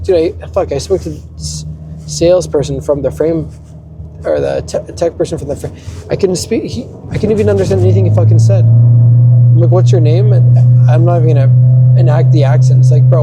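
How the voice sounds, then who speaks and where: Gravelly young man ranting in a car. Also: fairly high pitch, noisy background. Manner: rambling, profane, restarts a lot. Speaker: vlogger. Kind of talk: ranting monologue.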